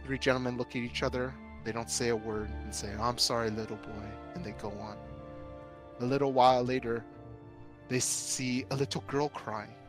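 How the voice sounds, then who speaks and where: A man's voice: mid-range voice, fairly even intonation, music in the background. Man telling a shaggy-dog joke. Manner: drawn-out, repetitive joke telling with little voices. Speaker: gamer telling a joke on a stream. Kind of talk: casual joke storytelling.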